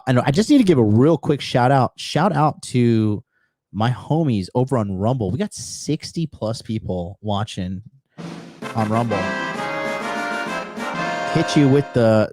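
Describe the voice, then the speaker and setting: A man's voice: medium pitch, a little mellow. A man telling brash, profane, boastful stories in a casual podcast conversation. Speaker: podcast guest.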